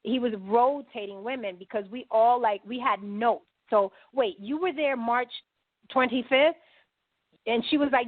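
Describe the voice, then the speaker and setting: A woman guest on a podcast, telling a long story and acting out the dialogue in lively quoted voices. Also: on the high side, normal speed, no echo. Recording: dry phone-line sound.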